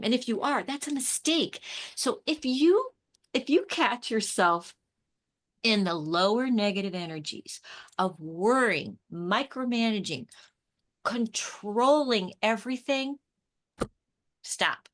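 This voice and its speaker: A woman's voice: on the high side, animated, a little slow, a bit bright. A middle-aged woman, an author and intuition coach, chatting in an interview and acting out the conversations she tells about. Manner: enthusiastic storyteller, acts out quoted exchanges, repeats and restarts words. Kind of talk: casual spiritual interview chat.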